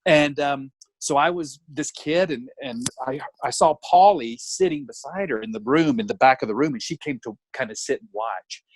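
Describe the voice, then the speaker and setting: A middle-aged man, a guest comedian telling stories in a casual, animated, chatty way. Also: mid-range voice, moderate pace, few pauses, dry recording. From Alabama, US. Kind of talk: casual anecdotal storytelling.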